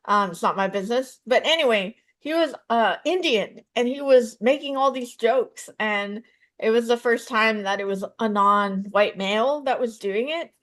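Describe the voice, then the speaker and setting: A woman in her thirties, a stand-up comedian and psychotherapist, answering interview questions with animated storytelling. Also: on the high side, normal speed. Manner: animated storytelling, acts out voices in her jokes.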